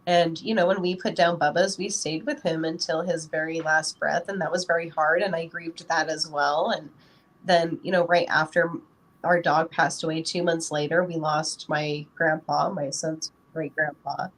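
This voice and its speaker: A woman's voice: low-pitched, steady tone, moderate pace. A woman guest on a podcast, talking casually as a parent and filling her speech with lots of "you know". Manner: rambling, full of "you know" fillers. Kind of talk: casual interview talk.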